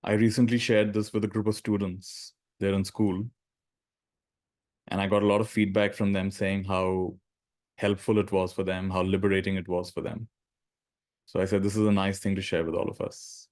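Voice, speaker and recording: Slow, low-voiced meditation teacher. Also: male voice, flat delivery. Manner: slow, spacious phrasing with long pauses; gentle, conversational teaching. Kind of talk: guided meditation talk.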